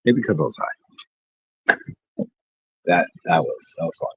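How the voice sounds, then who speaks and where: A man's voice: deep voice, animated, a little slow, gravelly, breathy edge, dry recording, poor audio. A middle-aged man streaming, chatting in a laid-back, rambling way with sighs and joking asides. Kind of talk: rambling casual livestream chat.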